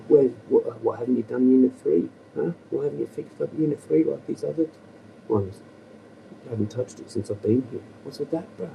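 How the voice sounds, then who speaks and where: Dark-voiced Australian man ranting. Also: medium pitch, brisk, creaky, recorded from a distance, slight background noise, rough recording. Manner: profane, agitated, rambling with bursts of laughter. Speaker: livestreamer. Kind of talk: rambling livestream rant.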